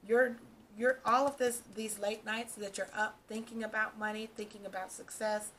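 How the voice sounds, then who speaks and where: A woman's voice: medium pitch, a bit bright, a little hiss or hum. A woman doing a casual tarot reading for her channel, talking straight to the viewer and reassuring them, often checking in with "okay" and "all right". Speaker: tarot reader.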